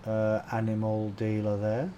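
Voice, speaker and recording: A man's voice: fairly low pitch, monotone, a little slow, mellow, muffled recording, slight background noise. A man with a Brummie accent giving chatty live-stream commentary while playing, greeting viewers and laughing often. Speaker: game streamer.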